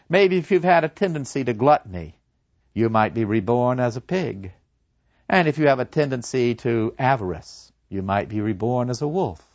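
A man's voice: mid-range voice, no echo, lo-fi sound. Man doing Socrates, a serene old philosopher. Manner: earnest, preaching, acts out voices of souls. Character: serene old male philosopher awaiting execution. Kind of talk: dramatic storytelling.

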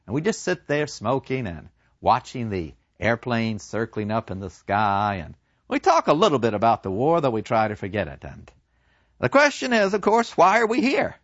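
A man giving an animated lecture, retelling a novel and acting out the characters' dialogue with dramatic flair. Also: mid-range voice, normal speed, no echo. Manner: dramatic storyteller who acts out the characters' dialogue. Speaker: literature lecturer. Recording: dull, dry lo-fi recording.

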